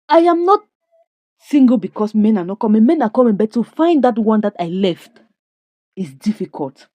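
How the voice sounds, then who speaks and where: A woman who recaps a drama series in an expressive, indignant way, full of rhetorical questions. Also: fairly high pitch, moderate pace, no echo. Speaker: series reviewer. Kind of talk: animated story recap.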